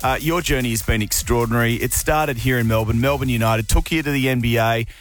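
A man's voice: medium pitch, fairly even intonation, fast, faint music behind. A male radio host introducing a guest and setting up the interview.

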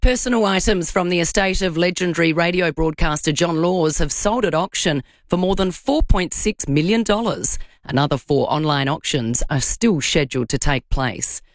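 An Australian woman presents the radio news in a measured, formal delivery. Her voice sits low, and the studio sound is dry and close. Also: no echo.

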